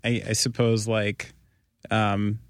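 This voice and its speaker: A man's voice: lowish voice, flat delivery, slow pace, dry recording, clean studio sound. A man hosting a podcast in casual chat, rambling and swearing freely. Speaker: podcast host.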